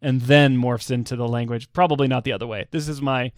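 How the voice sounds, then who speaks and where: A man's voice: medium pitch, fairly even intonation, quick pace, no echo, studio quality. An American man co-hosting a podcast, chatting casually, laughing easily and hesitating with fillers. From United States. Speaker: podcast co-host.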